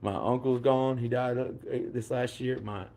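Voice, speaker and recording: Rambling man, dark voice. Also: medium pitch, steady tone, a little slow. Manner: rambling, repetitive, many fillers and restarts. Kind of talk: rambling casual monologue.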